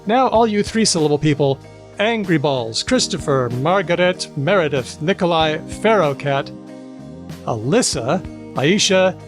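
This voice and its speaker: A man hosting a podcast in a playful, casual way, briskly reading out lists of names. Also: fairly high pitch, expressive, music in the background. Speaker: podcast host.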